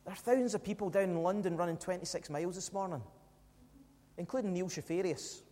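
A man delivers a sermon in a strikingly high, mellow voice, a little fast, pressing his points and firing rhetorical questions at the congregation. A long reverb from the church hall follows everything he says.

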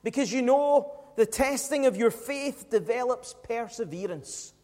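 High-voiced preacher in a reverberant hall. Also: male voice, animated, a little slow, a little mellow. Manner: emphatic, rhetorical questions to the congregation. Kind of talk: sermon.

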